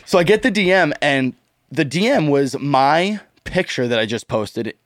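Animated, laughing young man telling a story. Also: a little high, moderate pace, dry recording, studio quality. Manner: animated storytelling, laughs often, swears freely. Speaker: podcast host. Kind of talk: casual chat.

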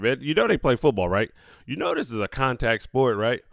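A man's voice: medium pitch, a little fast, creaky, dry recording, clean studio sound. A man hosting a casual sports talk show, ranting. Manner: profane, animated ranting. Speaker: sports commentary host.

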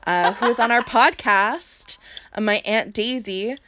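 A woman co-hosting a podcast chats casually, laughing often and swearing freely. Her voice sits at a middle pitch, and the recording sounds slightly dull and lo-fi. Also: measured pace, a bit bright. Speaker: podcast co-host. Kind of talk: casual chat.

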